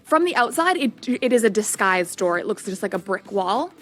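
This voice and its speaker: A woman's voice: mid-range voice, very animated, faint music behind. A woman narrating as game master of a tabletop game stream, chatty and full of ums. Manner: chatty, lots of ums, quick asides.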